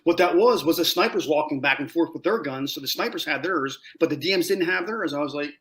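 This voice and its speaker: A man with a slightly high voice tells a long story in a relaxed podcast interview. He gets animated, jumping up in pitch and volume to act out what people said, with plenty of swearing. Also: a little fast. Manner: animated storyteller, acts out quotes loudly, swears. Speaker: guest, former Marine scout sniper.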